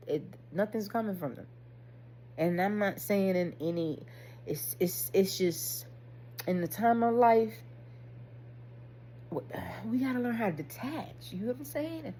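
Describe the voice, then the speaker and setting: A woman's voice: mid-range voice, measured pace, long pauses, warm tone, slight background noise, poor audio. A woman talking candidly to camera, slangy and swearing, laughing at herself as she reflects. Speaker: vlogger. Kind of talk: casual spiritual monologue.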